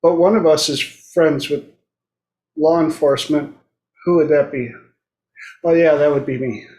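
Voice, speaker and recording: A man's voice: a little high, fairly even intonation, a little slow, a little mellow, reverberant. A man hosting a casual talk show, telling blunt stories and acting out the people in them. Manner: blunt storytelling, acts out quoted voices. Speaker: host. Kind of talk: casual chat.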